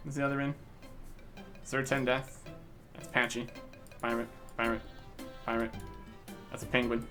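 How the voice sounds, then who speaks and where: A man's voice: medium pitch, little pitch movement, a little slow, sharp tone, soft background music. A man giving casual let's-play commentary as a gaming host, wry and reading game text aloud. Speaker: gaming YouTuber.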